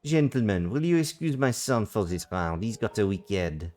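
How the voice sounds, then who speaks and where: A man voicing a gruff older father with a curt, low-key manner. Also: sing-song, normal speed, a little mellow. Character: gruff older father, stern card player.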